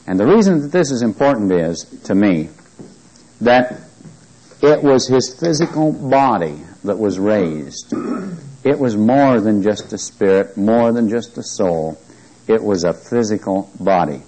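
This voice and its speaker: A man's voice: fairly low pitch, darkish tone, rough recording. A man teaching a Bible class, reading scripture aloud and quizzing his listeners with questions.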